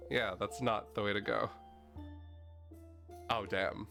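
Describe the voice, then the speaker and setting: A man's voice: on the low side, steady tone, takes it slowly, creaky, bright, forceful tone. Chatty male streamer rambling over game music. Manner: rambling, chatty, lots of "like" and restarts, mild swearing. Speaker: streamer playing a video game. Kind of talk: casual gameplay commentary, reading game text aloud. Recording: faint game music underneath.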